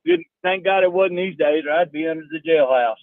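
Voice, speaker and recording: A man's voice: fairly high pitch, a little fast, no echo. A man, calling into a radio show and telling a folksy story. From Texas. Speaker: caller. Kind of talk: phone-in storytelling. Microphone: phone. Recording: tinny phone line.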